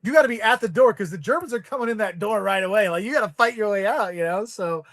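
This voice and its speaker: Lively high-voiced man telling stories. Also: fast. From United States. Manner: animated, acts out quoted voices, heavy use of "like". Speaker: podcast guest, travel video creator. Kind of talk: casual anecdotal storytelling.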